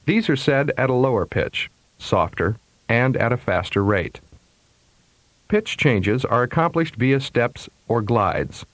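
A man reading scripted pronunciation instructions in a measured, precise way, like a language course tape. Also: medium pitch, animated, dry recording. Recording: dry studio recording.

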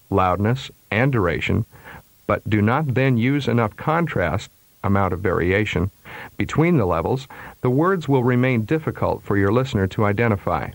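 A man reading scripted pronunciation instructions in a measured, precise way, like a language course tape. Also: lowish voice, no room sound. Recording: dry studio recording.

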